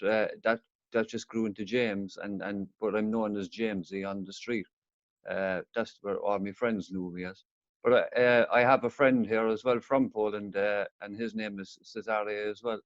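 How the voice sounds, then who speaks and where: A man's voice: fairly low pitch, fairly even intonation, normal speed, no room sound, dull audio. A man with a Cork Irish accent chatting in an easygoing, hesitant way on a call. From Ireland. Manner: easygoing, hesitant with many uhs. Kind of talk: casual chat.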